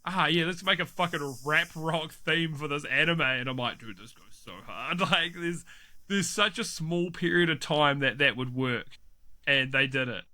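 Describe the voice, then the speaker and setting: A man's voice: fairly high pitch, moderate pace, bright, forceful tone. A man chatting casually as a podcast co-host, swearing freely, laughing often and restarting his sentences. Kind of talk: casual chat.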